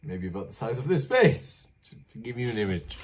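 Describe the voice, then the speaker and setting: A man from Canada telling a story casually, lively and full of asides, as host. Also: mid-range voice, brisk. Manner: animated, acts out voices, many asides.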